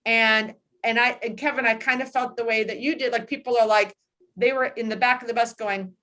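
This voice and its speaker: A woman in her sixties with a fairly high voice tells a personal story during a casual book club discussion. Her delivery is animated, and she mixes in quick asides. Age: 60s. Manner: animated anecdote telling with laughs.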